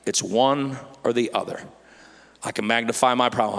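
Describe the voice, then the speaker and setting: A man's voice: fairly high pitch, animated, brisk, creaky, sharp tone, long reverb tail. A man preaching a sermon, quoting scripture and acting out worried people and chirping birds. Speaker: pastor.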